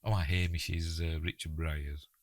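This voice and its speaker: A man with a Yorkshire accent talks through a film in a casual, chatty commentary, laughing easily and stumbling over his words. His voice sits very low, and the sound is dry with no room around it. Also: flat delivery, normal speed, no room sound.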